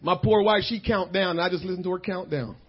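A middle-aged male pastor preaching a sermon, with shouted bursts and laughing asides. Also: sits high, quick pace, husky, lo-fi sound.

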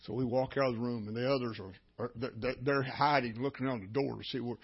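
A man's voice: mid-range voice, steady tone, quick pace, breathy edge. An older man, a pastor preaching a sermon through folksy, repetitive storytelling. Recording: dull lo-fi recording.

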